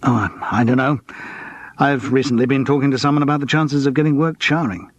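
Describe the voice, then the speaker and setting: A man's voice: mid-range voice, fairly even intonation, brisk, natural voice. A man reading an audiobook, voicing a middle-aged amateur sleuth who asks careful, probing questions.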